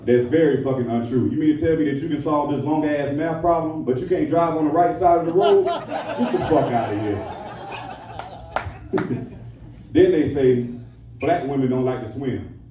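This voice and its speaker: A man's voice: fairly high pitch, normal speed, long pauses, mellow, distant mic, a faint crowd, slight background noise. A man doing a crude, profane stand-up routine on a handheld mic in a nightclub. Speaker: stand-up comedian. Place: nightclub stage. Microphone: handheld stage mic. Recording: echoey club, voice from afar.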